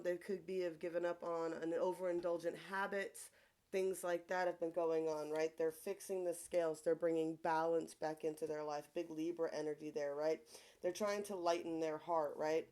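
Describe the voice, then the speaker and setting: A woman's voice: lowish voice, a little mellow. A woman with a Long Island accent giving a casual tarot reading, chatty and profane, often tagging her points with a questioning "right?". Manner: chatty, keeps asking "right?", swears freely. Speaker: tarot reader.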